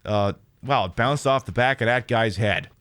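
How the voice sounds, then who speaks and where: A man's voice: mid-range voice, normal speed, noisy background. A man streaming a video game, trash-talking the opponents with lots of swearing. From United States. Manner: trash-talking, profane, excitable. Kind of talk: live gameplay commentary.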